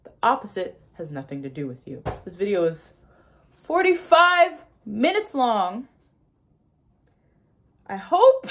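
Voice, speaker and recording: A young woman who talks casually and emphatically, laughing often and acting out inner voices as she explains ideas to her viewers. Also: a little high. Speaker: manifestation content creator.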